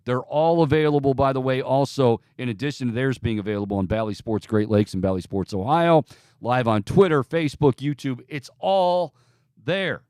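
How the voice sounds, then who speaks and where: A man's voice: mid-range voice, moderate pace, a little mellow, clean tone, no echo. A man hosting a studio sports talk show, breaking down plays and rattling off upbeat plugs and a sign-off. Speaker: sports radio host.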